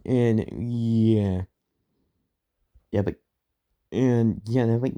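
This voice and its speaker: A man's voice: medium pitch, very slow, pauses often, mellow. A man casually retelling a fan-made story, rambling with many fillers and restarts.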